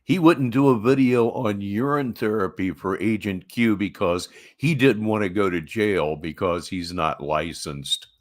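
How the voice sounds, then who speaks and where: A man hosts a commentary show and picks apart another man's behavior. He talks in a fairly low voice with a dry, sardonic edge. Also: unhurried, hardly any pauses. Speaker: commentary host.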